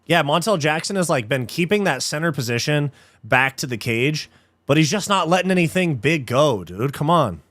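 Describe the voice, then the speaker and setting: A young man hosts live commentary on a fight, getting excited and quickly frustrated, casually swearing and calling people "dude" and "bro." His voice is slightly high and his pace moderate, with no room sound in the recording.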